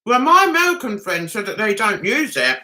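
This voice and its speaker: A woman's voice: medium pitch, very animated, brisk, pushed and bright. An English woman hosting a casual livestream, chatting and answering viewer comments aloud, often laughing. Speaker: livestream host.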